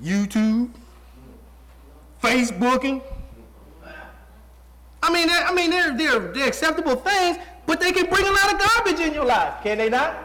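Pastor in his forties with a notably high voice, conversational sermon style, quizzes the pews. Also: very animated, measured pace, long pauses, sharp tone. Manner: rhetorical call-and-response questions; conversational, folksy preaching.

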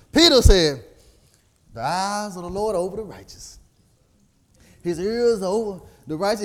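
A man preaching a sermon, quoting scripture by chapter and verse and rising to near-sung emotional peaks. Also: high voice.

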